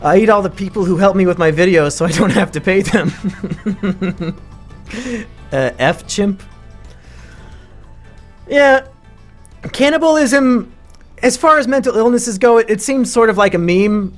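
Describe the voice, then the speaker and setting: A man live-streaming with crude, sarcastic commentary, now and then breaking into shouting rants. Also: sits high, animated, a little slow, long pauses, faint music behind. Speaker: streamer ranking mental illnesses.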